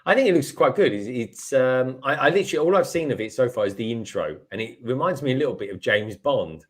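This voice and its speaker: A man's voice: mid-range voice, expressive, quick pace, breathy edge. A man, a guest on a live stream, bantering and joking in casual chat. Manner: jokey, bantering. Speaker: guest builder.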